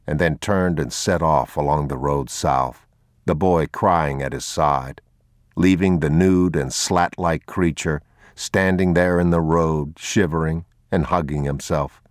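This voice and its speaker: A man narrating an audiobook in a slow, measured, somber manner. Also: rumbling low, no room sound, clean studio sound. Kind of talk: scripted narration.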